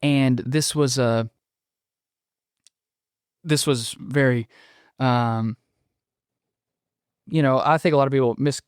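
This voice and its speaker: A man as a podcast guest, explaining a book thoughtfully with frequent pauses and restarts. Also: medium pitch, fairly even intonation, clear, resonant tone, dry recording, clean studio sound. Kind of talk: casual conversational interview.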